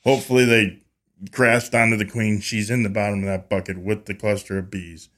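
Low-voiced man telling an animated story. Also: fairly quick. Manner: animated, acts out quoted dialogue with lively voices; frequent restarts and repeated words. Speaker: podcast guest, beekeeper. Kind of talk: casual conversational storytelling.

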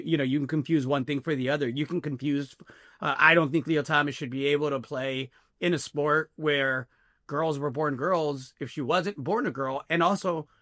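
A podcast co-host speaks earnestly to his listeners, calling them folks and often stammering as he restarts his words in a casual discussion. His male voice is a little high and a bit bright, recorded with clean studio sound and no room sound.

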